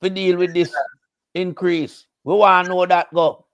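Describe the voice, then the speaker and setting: A man with a Jamaican accent giving measured but indignant political commentary and stressing his points. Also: high voice, flat delivery, fairly bright tone, dull audio.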